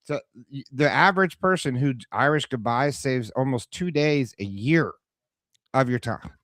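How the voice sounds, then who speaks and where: A man's voice: medium pitch, animated, normal speed, a bit bright, dry recording, studio quality. A man co-hosting a casual sports talk show, chatty and playful, tossing in slang. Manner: chatty, playful, calls people bro. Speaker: executive producer and co-host.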